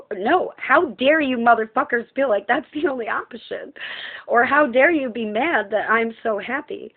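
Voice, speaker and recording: A woman speaking in an impassioned, profane personal monologue, ranting at length. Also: a little high. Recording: tinny phone-like sound.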